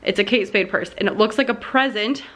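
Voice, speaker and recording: A young woman talks to her camera in a relaxed, bubbly way, full of fillers and little asides. Her voice sits at an ordinary middle pitch. A faint hiss of background noise runs under the recording. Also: a little fast. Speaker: vlogger and schoolteacher. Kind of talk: casual chat to camera.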